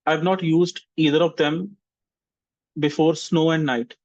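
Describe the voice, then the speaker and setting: A man teaches an online English vocabulary class, sounding out example sentences slowly so students can copy his intonation. His voice sits a little high for a man. The sound is dry and a bit dull. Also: steady tone, a little mellow, no echo. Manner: slow, deliberate modeling of intonation.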